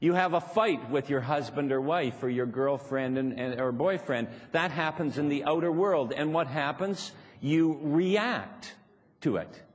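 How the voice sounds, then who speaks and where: A man's voice: fairly high pitch, measured pace. A man leading a live seminar, teasing and chuckling as he explains his point to the audience. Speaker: seminar speaker. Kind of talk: live motivational seminar talk. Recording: echoey hall, faint background noise.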